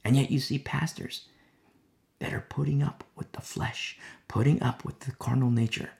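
Gravelly man preaching a sermon casually. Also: mid-range voice, steady tone, moderate pace. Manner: conversational preaching, drops to a hushed voice in prayer; many fillers, acts out quoted people. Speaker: pastor.

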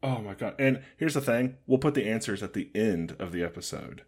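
A man co-hosting a comedy podcast, chatting casually and joking as he pitches scenes. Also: animated, brisk, a little mellow, breathy edge. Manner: joking, acts out scenes in silly voices. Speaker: podcast co-host.

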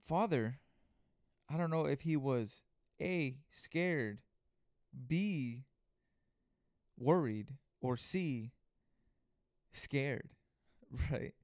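Young male podcast host, loose profane storyteller, mid pitch, dry close sound. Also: extremely slow, long pauses, no room sound. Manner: profane, animated retelling with acted-out quotes. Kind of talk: casual storytelling monologue.

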